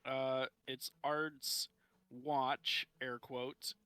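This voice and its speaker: A man running a tabletop game as game master, relaxed and unhurried, laughing often. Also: medium pitch, clear, resonant tone, no echo.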